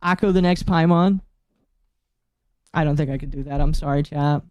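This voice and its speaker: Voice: medium pitch, moderate pace, no room sound, muffled recording. Profane ranting streamer, dry sound. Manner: profane, animated ranting with frequent laughter. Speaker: streamer host. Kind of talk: casual live-stream rant.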